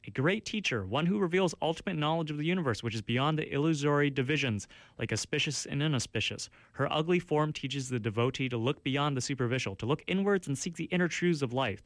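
Fast and expressive, with a fairly high pitch, the host of a campus radio show chats casually about tracks, riddled with fillers and restarts and quick to mock himself. His studio mic captures no room sound.

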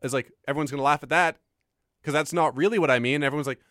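Male comedian co-host, quick and animated, dry studio sound. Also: on the high side, no room sound. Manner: animated storytelling, acts out quotes. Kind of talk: casual radio chat.

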